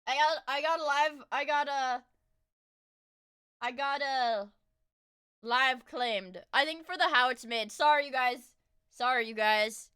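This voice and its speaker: Bright high-voiced woman streamer chatting. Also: measured pace, pauses often, clear, resonant tone. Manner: excitable, rambling, apologetic to viewers. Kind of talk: casual live-stream reaction chat.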